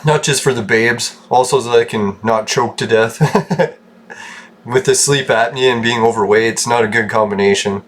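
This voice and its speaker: A man's voice: mid-range voice, fairly even intonation, normal speed, a bit bright. A man from Canada giving rambling, casual commentary over gameplay, joking, swearing and laughing often. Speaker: gaming channel host.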